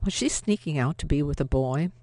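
Brief: measured novel narrator, mid pitch, dry studio read. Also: lively intonation, warm tone, no room sound. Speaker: audiobook narrator.

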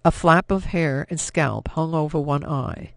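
A man narrates an audiobook in a steady, measured way. His voice sits a little high and has a gravelly fry. The recording is close and dry, with no room around it. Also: dry recording. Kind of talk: scripted narration.

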